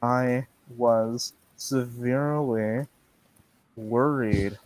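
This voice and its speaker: A man's voice: medium pitch, steady tone, very slow, a little mellow, low-quality recording. A man hosting a casual late-night stream, reading a text game aloud with frequent laughs and restarts. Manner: laughs often, stumbles and restarts while reading.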